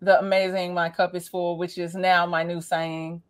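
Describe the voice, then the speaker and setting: A woman hosting a casual interview, telling a story in an animated, playful way. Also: on the low side, normal speed. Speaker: talk show host.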